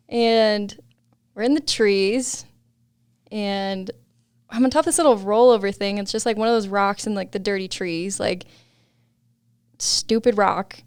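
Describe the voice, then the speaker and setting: A woman's voice: medium pitch, moderate pace, darkish tone, clean tone, dry recording, studio quality. A young adult woman, a podcast guest, telling a story in casual chat, laughing often and saying "like" a lot.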